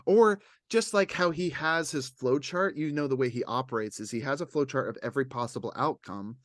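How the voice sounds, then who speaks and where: Fairly quick and mid-range in voice, a male podcast co-host chats casually, rambling animatedly and impersonating what others said. The sound is studio quality with no echo.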